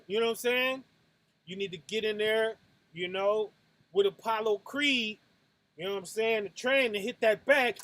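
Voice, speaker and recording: A man giving a casual, conversational sermon as the show's host. He keeps checking in with "right?", drops low and soft, then bursts out loud with punching sound effects. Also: normal speed, pauses often, no room sound. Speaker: preacher hosting a Sabbath night talk.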